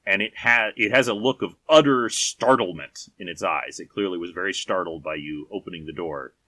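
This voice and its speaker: A man narrating a tabletop game as game master, telling the scene in unhurried, vivid detail. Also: low voice, pushed and bright, no echo.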